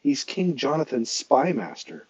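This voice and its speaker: A man's voice: mid-range voice, big pitch swings, a little slow, a little mellow, no echo, lo-fi sound. A man reading aloud and voicing a smug teenage page who talks in a knowing, confiding way.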